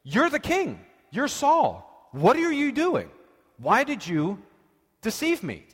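A man voicing a frightened woman medium with shrill, alarmed questions, in a preacher's retelling. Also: wildly swooping pitch, slow pace, fairly bright tone, breathy edge, long reverb tail, exaggerated voice. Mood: panicked.

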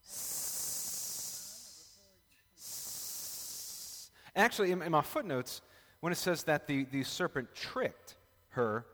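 A pastor leads a relaxed Bible study in a church room, chatting and joking with the live group around him. His fairly high voice is very animated and a bit bright, moving at a moderate pace, and the large room adds a long reverb.

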